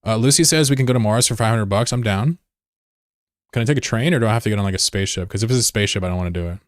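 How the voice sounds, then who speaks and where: A male streamer from the United States with a low, deep voice. He talks in a loose, rambling way and cracks jokes while answering his chat. The recording is close and dry, with no room sound. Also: rapid-fire, no room sound. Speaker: live streamer. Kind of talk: casual live-stream chat.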